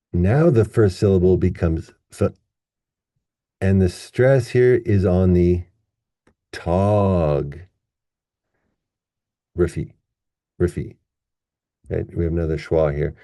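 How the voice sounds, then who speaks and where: A man teaching English pronunciation in a casual online lesson, chatty and relaxed, drawing words out slowly to demonstrate them. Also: low voice, dry recording, studio quality.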